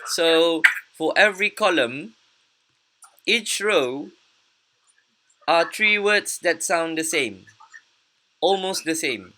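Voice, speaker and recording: A woman teaching English pronunciation in an online class, patient and encouraging, repeating words slowly. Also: on the low side, lively intonation, sharp tone.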